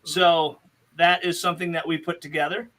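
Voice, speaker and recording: A man's voice: fairly high pitch, little pitch movement, normal speed, sharp tone. A man hosting a podcast, chatting casually in a rambling way and laughing often. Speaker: podcast host.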